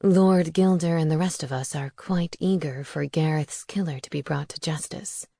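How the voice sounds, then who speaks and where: A woman narrator voicing a smooth, charming male vampire who speaks low and attentively. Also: moderate pace, mellow, no echo, studio quality.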